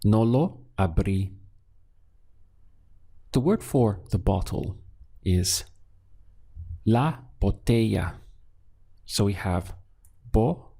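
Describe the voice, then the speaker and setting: A man teaching Spanish, patiently drilling phrases and repeating each word slowly. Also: on the low side, lively intonation, dark tone, slightly rough. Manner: slow, patient, deliberate drilling with repeated words. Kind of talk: language lesson with drills.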